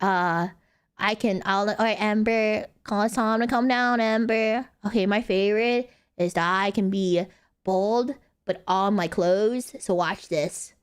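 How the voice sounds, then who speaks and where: A woman's voice: mid-range voice, steady tone, a little slow, smooth. A young woman streaming casually, rambling playfully and laughing often. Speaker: VTuber streamer. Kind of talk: casual live-stream chat.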